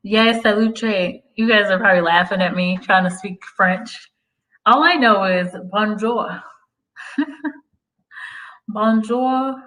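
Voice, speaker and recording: A young American woman hosts a casual livestream, reading viewers' comments aloud and responding. Her medium-pitched, fairly bright voice is slow with frequent pauses, and the recording is rough.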